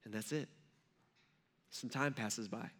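A man's voice: mid-range voice, slow pace, a bit bright. A man preaching a sermon, retelling a scripture story in a conversational way with rhetorical asides to the listeners. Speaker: pastor.

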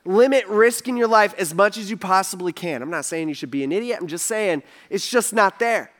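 A man with a high-sitting, fairly bright voice speaks a little quickly. He's a pastor giving a casual sermon, talking loosely, leaning on "like" constantly and acting out voices when he quotes people.

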